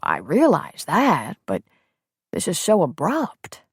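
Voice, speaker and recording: A woman voicing an older man, a gruff but caring uncle who speaks plainly. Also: sits low, huge pitch swings, takes it slowly, no echo, studio quality, exaggerated voice. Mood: concerned.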